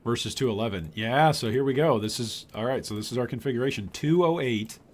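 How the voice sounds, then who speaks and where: An older man from Michigan chatting with his chat while streaming a game, with bursts of excitement. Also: medium pitch, fairly quick. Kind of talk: live gameplay commentary.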